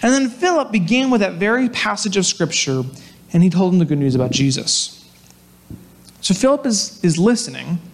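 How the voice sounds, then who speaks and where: A man with a fairly high voice gives a sermon. He tells the story in a loose, conversational, animated way and talks straight to his listeners. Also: moderate pace. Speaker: pastor.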